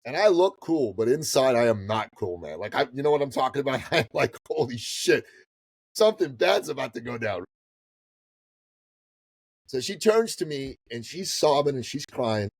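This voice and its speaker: Fifty-something guy from the middle east, kinda husky voice, dry close sound, telling a story loud then quiet, swears a bit. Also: mid-range voice, brisk, few pauses, dry recording, poor audio. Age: 50s. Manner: animated, swings from loud to hushed, swears casually. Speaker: podcast guest, business coach. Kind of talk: casual storytelling.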